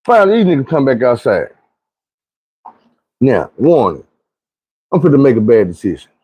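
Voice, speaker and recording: Mellow-voiced man telling a story. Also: mid-range voice, moderate pace, husky, dry recording. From Arkansas. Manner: animated, slangy, acts out quoted friends. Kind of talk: casual profane storytelling.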